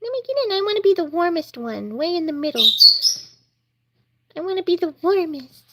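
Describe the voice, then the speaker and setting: A woman voicing a pushy little male baby bird who begs to be let into the warm pile of chicks. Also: big pitch swings, fairly quick, very noisy. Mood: pleading. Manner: high squeaky pleading. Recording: loud chirping chicks behind.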